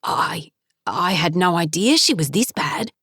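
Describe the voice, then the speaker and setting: A woman's voice: mid-range voice, sing-song, normal speed, no echo, clean studio sound. A woman voicing an arrogant middle-aged man, an anxious father who talks insistently and defensively.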